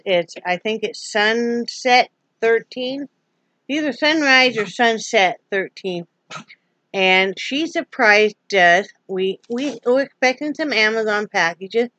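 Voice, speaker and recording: A woman's voice: fairly high pitch, fairly bright tone, no room sound, lo-fi sound. A woman from Wyoming chatting casually in a daily vlog, rambling and folksy. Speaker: vlogger.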